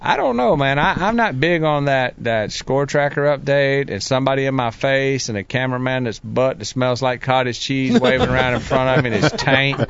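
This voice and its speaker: A man with a drawl talks in a loose, easygoing chat, spinning lively stories and slipping into little voices for the thoughts in his head. His pitch sits in an ordinary middle range. The audio is a bit dull and lo-fi. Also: brisk, hardly any pauses. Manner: animated storyteller who acts out voices in his head. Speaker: pro bass angler guest. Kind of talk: casual chat.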